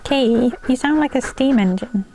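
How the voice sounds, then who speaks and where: A woman reads viewer ghost stories at home in a relaxed, chatty way. She keeps stopping to coax and talk to her dog in a sing-song voice. Faint music plays quietly behind her. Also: on the high side, measured pace. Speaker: channel host reading viewer stories. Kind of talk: casual storytelling vlog.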